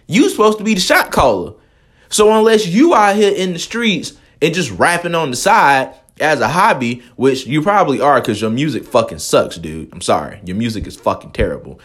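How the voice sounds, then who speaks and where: A man rants in a loose commentary monologue, incredulous and swearing freely. His somewhat high voice jumps all over, from low mutters to sharp spikes of disbelief. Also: very animated, moderate pace, husky. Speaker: commentary host. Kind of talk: profane commentary rant.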